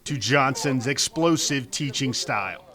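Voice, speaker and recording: A man's voice: mid-range voice, pushed and bright. A man giving polished, scripted sports documentary narration. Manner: polished, measured. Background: music.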